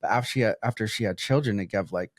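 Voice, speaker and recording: A man with a fairly low voice co-hosts a podcast and tells easygoing anecdotes in a relaxed chat. The recording is dry and close. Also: quick pace, dry recording. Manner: easygoing storyteller, laughs often. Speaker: podcast co-host. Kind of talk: casual chat.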